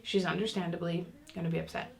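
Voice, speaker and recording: Woman teaching a parenting class, chatty, lots of ums, bit of vocal fry. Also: on the low side, fairly even intonation, fast talker, a little mellow. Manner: chatty, with many fillers and restarts. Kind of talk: casual online lesson.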